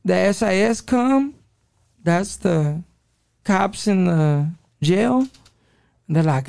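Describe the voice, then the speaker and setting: Podcast guest, man, 40s, high-pitched and heavily gravelly, loose profane street talk. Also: lively intonation, slow, dark tone, no room sound, studio quality. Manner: profane street slang, calls listener dog. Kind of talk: casual interview storytelling.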